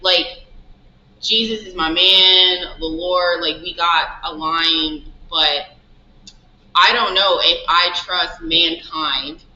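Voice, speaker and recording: Bright-voiced woman telling a story. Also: on the low side, slow. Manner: animated, acts out dialogue in quoted asides. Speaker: shop owner guest. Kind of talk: casual storytelling interview. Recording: roomy, dull lo-fi sound.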